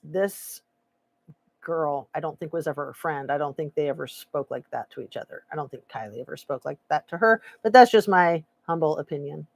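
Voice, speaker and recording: A woman's voice: deep voice, a little fast, gravelly. A woman hosting a casual true crime live stream, sarcastic and opinionated, reading chat aloud. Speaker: true crime commentary host.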